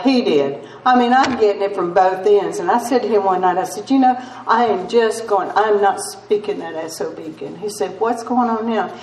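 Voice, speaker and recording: A woman's voice: medium pitch, reverberant. Older woman, recovery meeting speaker, self-mocking storyteller, distant mic, faint noise.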